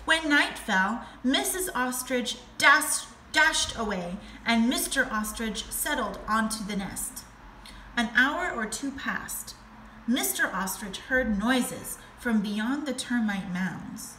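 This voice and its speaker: A woman teacher reading a storybook aloud to her class, slow and expressive. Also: fairly high pitch. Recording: echoey room with faint noise.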